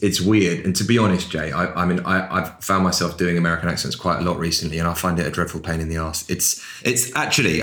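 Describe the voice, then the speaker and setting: A man's voice: sits low, sharp tone. A middle-aged English actor, chatting wryly in an interview, often restarting his sentences. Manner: wry, self-deprecating, frequent restarts. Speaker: actor guest. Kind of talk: casual interview chat. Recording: echoey room.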